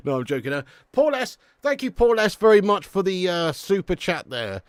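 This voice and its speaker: A man's voice: high voice, moderate pace, no echo, studio quality. An English man hosting a live football watch-along, calling the match, reading out chat messages and calling people lad and mate. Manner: lively, chatty, says lad and mate a lot.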